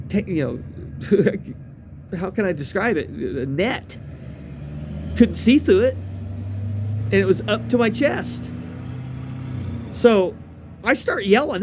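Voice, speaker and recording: Guy rambling thru a cussing campfire-type story, pitch all over the place. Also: a little mellow, a little hiss or hum. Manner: rambling, profane, with many restarts and fillers. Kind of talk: casual spoken storytelling.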